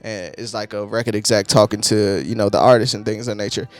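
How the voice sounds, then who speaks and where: A man casually reviewing an album, profane and quick to laugh, with excitable bursts. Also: fairly low pitch, faint music behind. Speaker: album reviewer, channel host. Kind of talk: casual music review talk.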